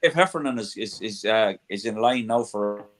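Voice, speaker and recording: A man's voice: on the low side, normal speed. A man with an Irish accent on a rugby panel, repeating words and restarting as he makes his point. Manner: stammering restarts. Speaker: panel guest. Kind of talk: casual chat.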